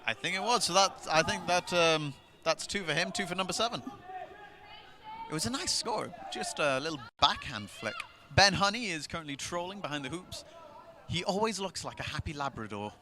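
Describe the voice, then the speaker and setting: A man's voice: high voice, expressive, moderate pace, pushed and bright. A man doing live match commentary outdoors with jokey, chatty banter.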